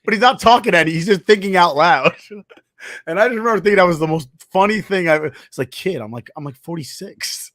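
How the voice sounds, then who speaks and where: A man co-hosting a sports podcast, telling animated stories in casual chat and swearing freely. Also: high voice, quick pace, dry recording, clean studio sound. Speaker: podcast co-host.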